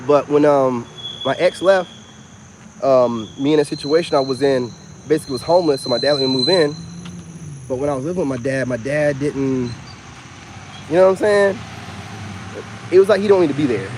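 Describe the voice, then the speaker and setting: A man, rambling through a personal story in a casual, animated monologue. He keeps coming back to "you know what I'm saying". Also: medium pitch, moderate pace, long pauses, a little hiss or hum. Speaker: self-styled spiritual vlogger.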